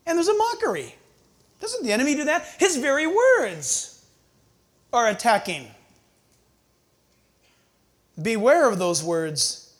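Speaking in a high, very animated voice at a measured pace, this preacher delivers a sermon that feels like a conversation. Rhetorical questions go out to the congregation, and little scenes are performed using quoted voices.

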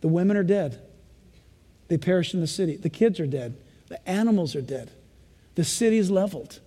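High-voiced man preaching in a hall. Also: moderate pace. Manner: animated preaching, acts out kids and parents. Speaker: pastor. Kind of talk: sermon.

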